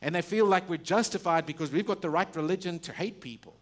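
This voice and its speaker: A fast-talking male pastor preaches a sermon thick with rhetorical questions and restarts. He swings between loud, emphatic delivery and hushed, low passages.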